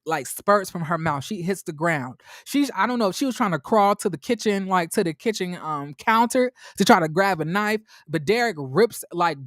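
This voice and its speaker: Animated man gossiping through a recap. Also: high-pitched, dry recording, studio quality. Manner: animated, gossipy retelling with acted-out quotes. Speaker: TV review host. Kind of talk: casual recap vlog.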